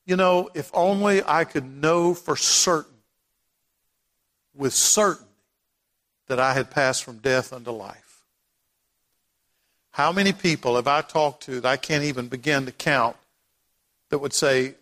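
A man's voice: on the high side, unhurried, long pauses, a bit bright. A man preaching a sermon as pastor, praying and then building to emphatic, repeated lines. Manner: impassioned preaching, rising to emphatic repetition. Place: church sanctuary. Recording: long hall reverb.

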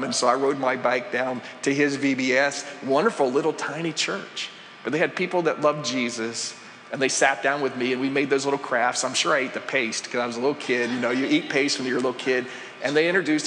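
A man's voice: medium pitch, a little fast, fairly bright tone, a little hiss or hum. A man preaching a sermon as pastor, chatty and conversational, putting questions to the congregation. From United States. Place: church sanctuary. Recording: live church hall with long reverb.

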